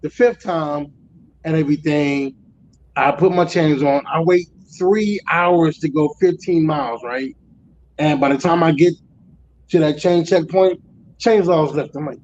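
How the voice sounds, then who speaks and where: A man in his forties, a truck driver guest, telling road stories in a profane, animated casual way. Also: fairly high pitch, normal speed, lo-fi sound, a little hiss or hum. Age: 40s. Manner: profane, animated storytelling with loud acted outbursts. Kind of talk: casual storytelling chat.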